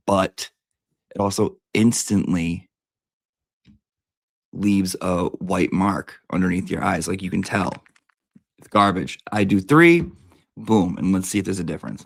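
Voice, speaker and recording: A man's voice: low voice, vocal fry, no room sound. A man giving a brash, profane, theatrical comic review of beauty products.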